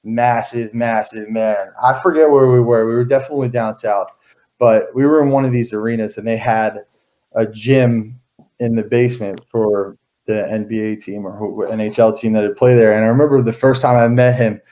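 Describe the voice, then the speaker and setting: A man's voice: mid-range voice, steady tone, normal speed, warm tone. Rambling man telling old stories. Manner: rambling storytelling with many fillers and restarts. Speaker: interview guest. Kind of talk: casual interview chat.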